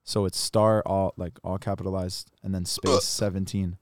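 A man's voice: low voice, flat delivery, normal speed, dry recording. A young man, a rapper guest, chatting casually on a podcast and rambling about his name, often laughing.

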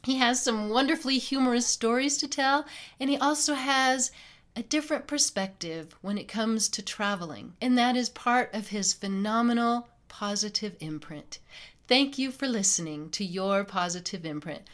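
Lady podcast host, kinda high voice, bubbly and emphatic. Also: moderate pace, a bit bright. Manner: upbeat, emphatic, laughs often. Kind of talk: podcast interview.

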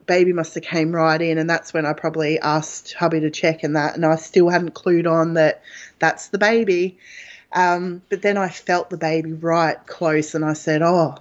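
A woman's voice: on the low side, fairly even intonation, normal speed. A woman guest telling a personal story in a frank, chatty way, with plenty of fillers. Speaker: interview guest. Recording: dull lo-fi audio.

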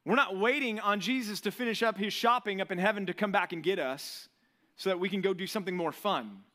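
Guy pastor preaching, high-pitched, chatty, keeps asking "right?". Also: a little fast. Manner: lively, conversational preaching with frequent rhetorical questions. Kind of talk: sermon.

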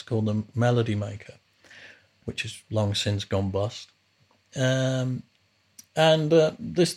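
A man with a medium-pitched, somewhat dark voice hosts a podcast. He tells rambling, casual stories about his early days as a musician, often restarting his sentences.

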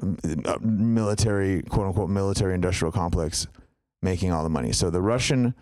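A man's voice: on the low side, darkish tone, dry recording, clean studio sound. A man co-hosting a podcast, talking in a loose, rambling way full of fillers and tangents. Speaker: podcast co-host. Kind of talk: casual chat.

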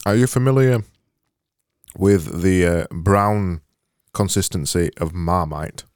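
Teasing deadpan man, low voice. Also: slow, clean tone, no room sound, studio quality. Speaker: podcast co-host. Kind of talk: casual chat.

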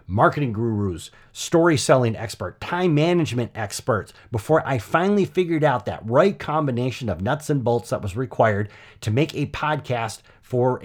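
Chatty male podcast host telling his story. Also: mid-range voice. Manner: conversational, animated storytelling with frequent "you know" and "right?". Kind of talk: personal story monologue.

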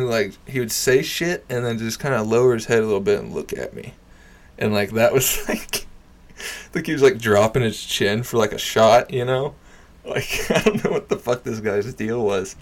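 A young man casually telling a story, swearing freely, laughing often and dropping into low mutters. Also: lively intonation, a little slow.

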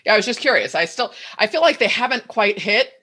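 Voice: mid-range voice, very animated, a little fast, sharp tone, husky. A podcast host asking rambling, chatty questions and wrapping up an interview. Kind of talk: casual interview chat.

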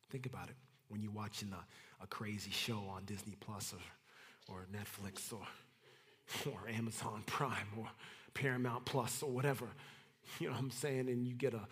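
A male pastor preaching a sermon in slangy, dramatic storytelling that swings from shouts to whispers. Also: mid-range voice, moderate pace, long reverb tail.

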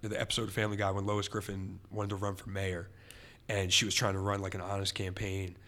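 A man hosting a podcast in casual chat, talking in animated, rambling, emphatic runs. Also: low voice, fast talker. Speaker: podcast host.

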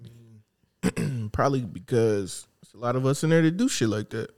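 A man co-hosting a podcast in casual chat, laid-back and joking, with squeaky voice bits. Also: lively intonation, moderate pace, a little mellow. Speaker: podcast co-host.

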